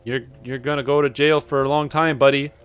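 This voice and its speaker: A Canadian man putting on the voice of a folksy male mountie officer, loud and jovial, stretching out his "eh". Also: mid-range voice, level tone, a little fast, clear, resonant tone, pitched above the performer's own voice, lightly acted. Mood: jovial scolding.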